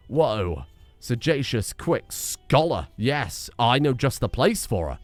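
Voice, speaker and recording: A man's voice: medium pitch, big pitch swings, takes it slowly, no room sound, soft background music. A man giving casual commentary while playing a strategy game, rambling with wry, self-deprecating asides. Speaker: video game streamer. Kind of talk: casual let's-play commentary.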